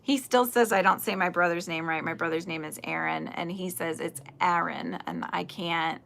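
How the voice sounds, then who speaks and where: A woman's voice: on the low side, steady tone, moderate pace, vocal fry, a bit bright, a little hiss or hum. A woman in her forties hosting a casual crochet livestream, chatting and answering viewer comments with frequent laughs. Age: 40s. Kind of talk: casual chat while crocheting.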